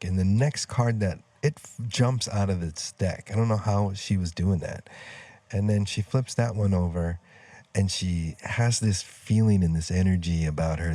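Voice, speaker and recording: A man's voice: low voice, warm tone, no echo. A middle-aged man telling a personal story outdoors in a loose, rambling way, full of fillers and side tracks. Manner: rambling, loses his train of thought, many fillers. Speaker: storyteller vlogger. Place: outdoors near trees.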